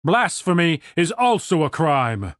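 Man doing stern older guard, formal, commanding, slow, altered timbre, storybook reading. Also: a little high, sing-song, fairly bright tone, dry recording, clean studio sound.

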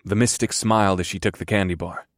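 A man narrating a fantasy audiobook in the first person, measured with a wry edge. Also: low-pitched, fairly even intonation, no echo, clean studio sound.

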